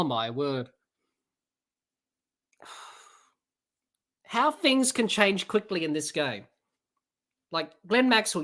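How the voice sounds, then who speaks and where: A woman hosting a cricket podcast, giving live watch-along commentary in an excitable way, reading out listeners' comments and bursting into shouts at big shots. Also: mid-range voice. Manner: reads out chat comments and chats to listeners.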